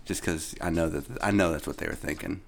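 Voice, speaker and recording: A man's voice: low voice, fast, vocal fry, a crowd in the background. A man co-hosting a casual podcast chat, telling stories in a laid-back, dry way. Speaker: podcast co-host.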